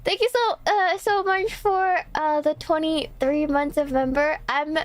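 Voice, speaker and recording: High-voiced, rambling woman streamer. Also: steady tone, a little slow. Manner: rambling and chatty, full of "like" and restarts. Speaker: streamer host. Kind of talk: casual livestream chat.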